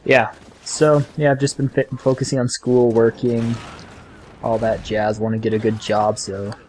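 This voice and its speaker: A young man talks over his gameplay in a rambling, chatty way. His voice sits at a middle pitch. A faint hum of ambience is always there behind him. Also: flat delivery, moderate pace, a little mellow. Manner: rambling, chatty storytelling between game reactions. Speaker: gaming channel host. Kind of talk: casual gameplay commentary.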